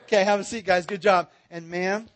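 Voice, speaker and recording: A man's voice: high voice, steady tone, a little fast, a bit bright. A man teaching a Bible seminar in a church, joking with and directing his audience.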